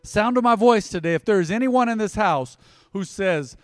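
Higher-voiced man preaching in a church. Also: lively intonation, moderate pace, no echo, studio quality, big-room sound, faint music behind. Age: 40s. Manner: swings from emphatic loud to hushed and tender. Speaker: pastor. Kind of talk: sermon. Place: church sanctuary.

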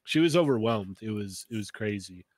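Relaxed man adding to a story. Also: lowish voice, moderate pace, no room sound. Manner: jumps in to add his side of the story, relaxed. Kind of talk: casual chat.

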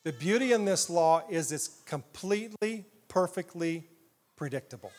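A high-voiced man preaches with animated, playful energy, asking the congregation questions. His voice rings with long reverb through a church hall. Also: normal speed. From southeast Iowa, US. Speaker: pastor. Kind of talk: sermon.

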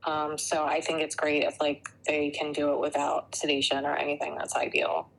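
A woman who works as a veterinary tech, co-hosting a podcast in casual chat, blunt and quick to laugh, with lots of "like" fillers. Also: sits low, completely flat delivery, vocal fry, low-quality recording. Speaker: podcast co-host.

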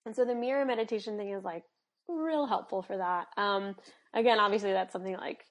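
A woman health coach talking in a casual podcast conversation, earnest and animated, with many fillers, acting out little dialogues. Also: mid-range voice, fairly quick. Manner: acts out quoted dialogue.

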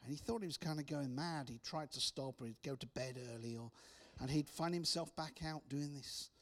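A man preaching, telling personal stories with restarts and soft, hushed drops. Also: fairly high pitch, normal speed. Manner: storytelling with repeated restarts, soft dramatic drops. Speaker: speaker. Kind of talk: preaching testimony.

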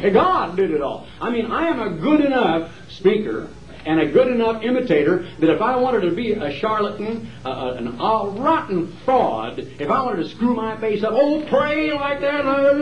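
A male evangelist preaching a campaign sermon with emphatic, dramatic pauses, recorded live in a large hall. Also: sits high. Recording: roomy hall, distant dull mic.

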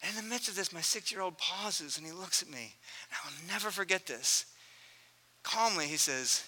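A man in his thirties preaching a sermon, telling a family story earnestly and swinging from loud to hushed. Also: high-pitched, expressive, moderate pace. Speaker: pastor.

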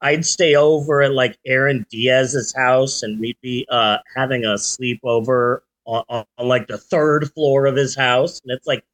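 A man in his forties hosting a podcast, chatting casually and telling stories in an animated way. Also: medium pitch, measured pace, hardly any pauses. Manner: animated storyteller, does sound effects. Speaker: podcast host. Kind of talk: casual chat.

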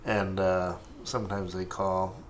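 Super deep voiced lady comic, loud animated storytelling, faint hum behind. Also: measured pace. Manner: animated storyteller, loud bursts, acts out dialogue. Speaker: comedian. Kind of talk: casual chat, storytelling.

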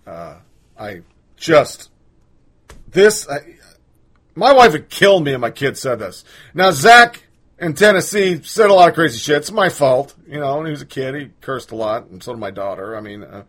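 A man's voice: mid-range voice, animated, normal speed, fairly bright tone. A man hosting a podcast, ranting bluntly with profanity in casual political commentary. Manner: blunt, profane, opinionated rant. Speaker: podcast host.

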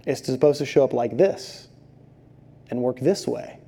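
A man preaching a sermon, telling stories with animated, acted-out quotes. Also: mid-range voice, a little slow, creaky, breathy edge. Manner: animated storytelling, acts out voices in quotes. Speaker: pastor.

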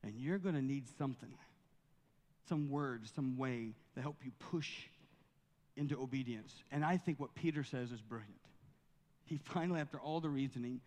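A man delivers a sermon in a church sanctuary, his preaching growing more fervent until he reads scripture aloud. He speaks at a moderate pace with a mid-range, darkish voice that carries through a large hall.

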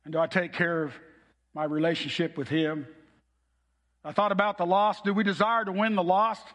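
Middle-aged male pastor with a high-pitched voice, earnest heartfelt preaching, recorded with long hall reverb. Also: flat delivery, moderate pace, a bit bright. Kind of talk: sermon.

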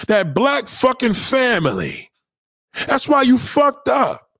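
A man's voice: very high-pitched, big pitch swings, slow, a bit bright, dry recording, studio quality. A man in a heated, profane livestream rant, lecturing his audience.

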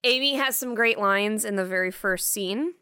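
Woman podcast co-host, bright voice, dry close sound, animated casual film chat. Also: mid-range voice, normal speed, clear, resonant tone, no echo. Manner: animated, swears casually, acts out quotes.

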